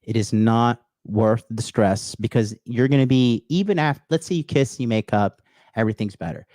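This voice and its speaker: A man's voice: mid-range voice, normal speed, a little mellow, no echo, studio quality. A man hosting a livestream, giving blunt dating advice full of swearing, calling his viewers bros and answering chat messages. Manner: blunt and profane, heavy swearing; addresses viewers as bros, reads chat aloud. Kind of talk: unscripted livestream rant.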